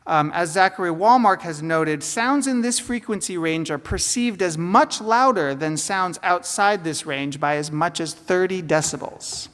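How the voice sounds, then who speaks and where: A woman's voice: on the low side, a little slow, hardly any pauses. A woman giving an academic lecture, explaining steadily with occasional fillers and asides. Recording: roomy hall reverb.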